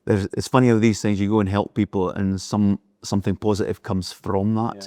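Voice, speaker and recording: Deep-voiced man telling a story. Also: little pitch movement, a little fast, a little mellow, no room sound, clean studio sound. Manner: anecdotal, acts out dialogue in the retelling. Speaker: interview guest, business leader. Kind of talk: storytelling in casual conversation.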